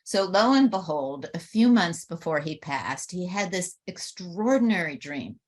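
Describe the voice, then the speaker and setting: Older lady, low voice, earnest storytelling, gets lively quoting folks. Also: a little slow. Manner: earnest, animated when quoting others. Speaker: podcast co-host. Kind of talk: reflective personal storytelling.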